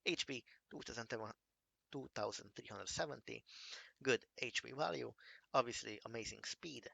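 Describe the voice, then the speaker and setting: Gravelly, bright-voiced man reviewing a game. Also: medium pitch, no echo. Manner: enthusiastic, repeats "amazing", halting restarts. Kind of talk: casual gameplay commentary.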